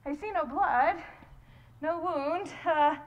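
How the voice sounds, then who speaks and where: A woman playing a very high, lovelorn young woman. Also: slow pace, muffled recording. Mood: breathless. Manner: breathless, laughing through distress, theatrical. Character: lovelorn young woman Helena, desperate, wounded. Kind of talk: live stage Shakespeare acting.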